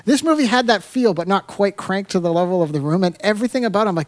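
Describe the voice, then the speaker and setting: A man's voice: high-pitched, lively intonation, quick pace, few pauses, no room sound. A man co-hosting a casual podcast, rambling through a movie review and laughing often. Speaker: podcast co-host.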